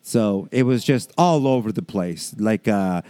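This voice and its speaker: A man's voice: fairly low pitch, lively intonation, a little slow, warm tone, dry recording. A man co-hosting a casual chat, rambling with lots of fillers and laughs, reading excerpts aloud. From American South. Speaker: podcast co-host.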